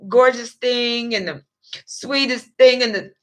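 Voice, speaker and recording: A woman's voice: on the high side, a little slow. A young adult woman telling a personal story in a rambling, emotional, profane way. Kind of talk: casual monologue.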